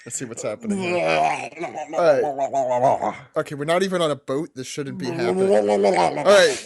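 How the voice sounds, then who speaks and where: A man's voice: fairly high pitch, unhurried, vocal fry, crowd noise. A man hosting a podcast, joking and keeping a group of guests in order. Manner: playful, jokey, moderating. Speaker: podcast host. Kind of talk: casual chat.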